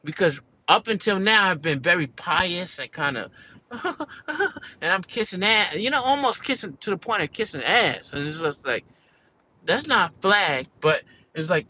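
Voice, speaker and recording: A man's voice: sits high, big pitch swings, normal speed, sharp tone, lo-fi sound, a little hiss or hum. Profane, rambling American man venting. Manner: candid, profane, rambling with restarts. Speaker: vlogger. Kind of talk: casual venting monologue.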